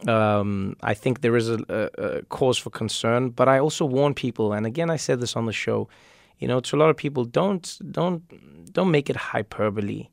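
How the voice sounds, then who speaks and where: A man in his thirties from South Africa tells stories in an animated, restless way during a relaxed interview. His voice has a gravelly edge at a middling pitch, recorded close in a dry studio. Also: no room sound. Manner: animated storyteller, quick, with frequent restarts. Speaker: comedian and talk show host, interview guest.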